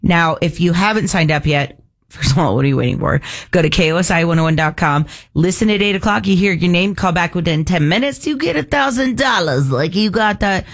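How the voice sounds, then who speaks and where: A woman hosting a radio morning show, chatting casually and running through promos quickly. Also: on the low side, animated. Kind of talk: casual on-air banter.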